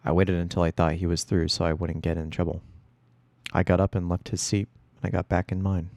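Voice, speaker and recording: A man reading a first-person story aloud in a steady storytelling voice. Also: sits low, brisk, dry recording, clean studio sound. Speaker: audiobook reader.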